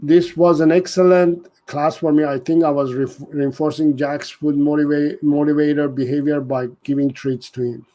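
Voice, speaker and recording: A man's voice: fairly high pitch, fairly even intonation, normal speed, few pauses, mellow. A man hosting a live dog-training Q&A, talking earnestly and often restarting his sentences. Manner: earnest, repeats and restarts, reads out viewer comments. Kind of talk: casual live-stream Q&A.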